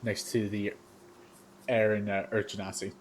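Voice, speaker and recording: A man running a tabletop game as game master, describing scenes with many pauses and fillers. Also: on the low side, level tone, slight background noise.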